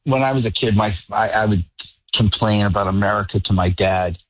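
A man with a Boston accent, a political commentator calling in to a radio show, relaxed and wry. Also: on the low side, brisk, no room sound. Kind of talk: call-in radio interview. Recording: tinny phone line.

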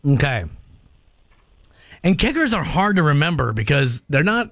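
A man's voice: fairly high pitch, big pitch swings, moderate pace, creaky, a bit bright, dry recording, studio quality. A man hosting a radio show, hiccuping, giggling and teasing himself as he chats with his co-host and callers. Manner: giggly, self-mocking. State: has the hiccups. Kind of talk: casual radio banter. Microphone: studio headphones and mic.

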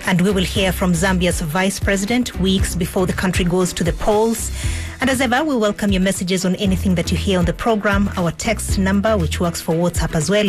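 A female radio presenter introducing stories live in a composed manner. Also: medium pitch.

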